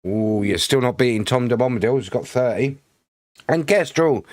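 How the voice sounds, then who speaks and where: A man's voice: mid-range voice, expressive, normal speed, darkish tone. A man from Britain chatting casually on a game live stream, rambling, laughing often and greeting viewers by name.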